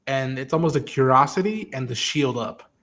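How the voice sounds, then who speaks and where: A man's voice: mid-range voice, lively intonation, moderate pace, a bit bright. A man hosting a podcast livestream, talking casually and animatedly, swearing and acting out characters' lines as he recaps. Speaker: podcast host. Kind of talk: casual livestream talk about an episode.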